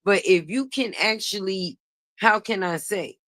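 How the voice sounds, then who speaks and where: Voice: mid-range voice, measured pace, fairly bright tone, dry recording, studio quality. A channel host giving a blunt, profane gossip commentary, repeating points for emphasis and laughing mockingly.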